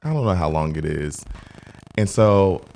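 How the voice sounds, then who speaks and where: A young man co-hosting a podcast, telling a story in a rambling way with lots of "like", and jumping into high mock voices when he quotes people. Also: expressive, a little slow, gravelly, darkish tone, a little hiss or hum. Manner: rambling retelling with many "like" fillers. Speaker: podcast co-host and hair stylist. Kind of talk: casual storytelling chat.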